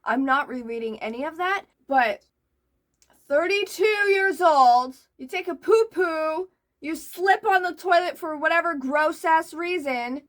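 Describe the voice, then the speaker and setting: A young woman hosting a reaction video, reading posts aloud and breaking in with loud, exasperated outbursts. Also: high-pitched, normal speed.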